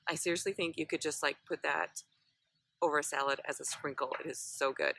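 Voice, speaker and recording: Bubbly low-pitched woman vlogger. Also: fairly even intonation, brisk, fairly bright tone, dry recording. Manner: bubbly, chatty, lots of fillers. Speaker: recipe vlogger. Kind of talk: casual cooking chat.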